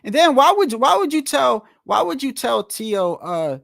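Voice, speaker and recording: A man with a high, light voice rants about boxing straight to his viewers. He is heated and profane, circles back over the same words, and throws one rhetorical question after another. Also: big pitch swings, normal speed, vocal fry, hardly any pauses, fairly bright tone. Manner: profane, slangy. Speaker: boxing commentator. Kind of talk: casual rant to the audience.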